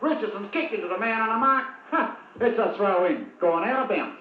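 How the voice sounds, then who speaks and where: A man's voice: sits high, brisk, echoey room, highs cut off, a little hiss or hum. Partisan Australian man calling local football. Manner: excitable, partisan, talks to players directly. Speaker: football commentator. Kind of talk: amateur local match commentary.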